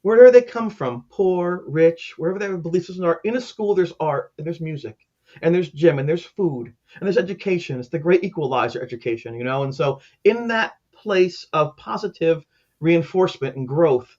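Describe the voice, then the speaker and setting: During an interview, a former caseworker and teacher of about sixty shares emotional stories from his life, earnest and heartfelt, voicing the people involved. His voice is fairly high, a little mellow and animated, at normal speed, and the sound is dull and lo-fi.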